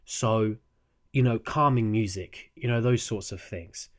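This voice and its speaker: A man's voice: lowish voice, a little slow. A young man, a university student, giving casual spoken advice into a desk microphone, earnest, restarting his sentences and checking in with "okay?". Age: young adult. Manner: earnest, repeats "okay?" often, frequent restarts.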